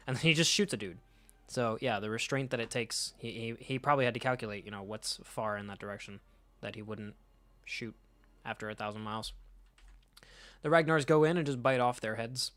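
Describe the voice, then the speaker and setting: A man's voice: mid-range voice, brisk, a bit bright. A man casually reading through a comic and reacting, rambling, swearing freely and laughing often. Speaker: comic reader, channel host.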